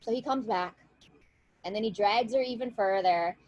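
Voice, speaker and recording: A guest storyteller with a mid-range voice recounts a legend at a normal speed, chatting with her video-call audience and asking "right?" as she goes. Her manner is lively and conversational. The recording is dry, with the highs cut off.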